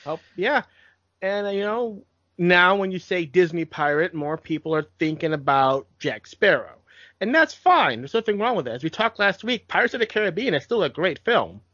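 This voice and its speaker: A man's voice: sits high, sing-song, normal speed, pushed and bright, no room sound. Chatty man, dry muffled mic. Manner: rambling, restarts, film-buff enthusiasm. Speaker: podcast co-host. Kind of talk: casual chat.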